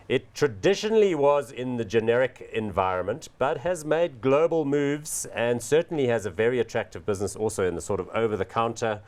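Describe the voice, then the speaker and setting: A man's voice: fairly low pitch, a little mellow. A man hosting a business television show, giving punchy, emphatic market commentary and questioning his guest.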